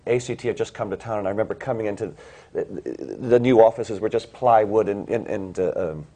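A man's voice: fairly low pitch, brisk, dark tone. Rambling male stage actor. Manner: rambling, full of restarts and fillers. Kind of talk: casual anecdote telling.

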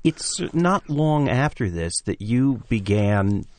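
Lively male interviewer. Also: medium pitch, takes it slowly, dry recording. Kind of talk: interview questions.

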